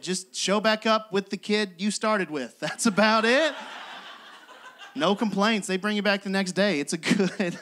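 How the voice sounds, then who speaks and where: A man's voice: sits high, fairly bright tone. A young man doing a self-deprecating stand-up set on a club stage, often laughing through his lines. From West Virginia. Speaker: stand-up comedian.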